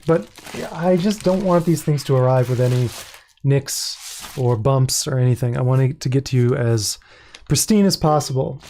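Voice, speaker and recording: A man talks through a product launch in a loose, chatty way, amused by his own asides. His voice has a mellow, soft tone. He thinks out loud as he goes. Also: fairly high pitch, a little hiss or hum. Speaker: independent publisher and host. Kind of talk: casual livestream product launch.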